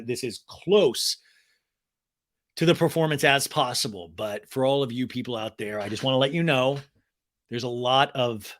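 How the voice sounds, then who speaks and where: A man in his thirties hosting a comedic TV recap podcast, sarcastic and animated. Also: mid-range voice. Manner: animated, sarcastic, jumps in and out of voices. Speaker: podcast host.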